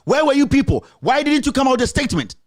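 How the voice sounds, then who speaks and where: A man's voice: very high voice, big pitch swings, quick pace. A man with a Ghanaian accent hosting a show, delivering impassioned political commentary full of rhetorical questions and confrontation. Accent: Ghanaian English. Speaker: host.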